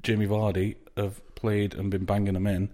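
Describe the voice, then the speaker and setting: A man's voice: lowish voice, monotone, normal speed, mellow. A man, co-hosting a podcast with dry questioning banter. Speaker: podcast co-host. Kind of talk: casual chat.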